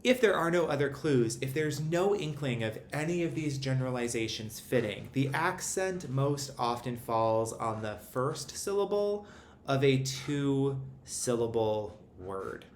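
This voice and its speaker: A man teaching a recorded phonics lesson, explaining syllable accents in a clear, methodical way. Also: medium pitch, lively intonation, measured pace. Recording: roomy echo, faint background hum.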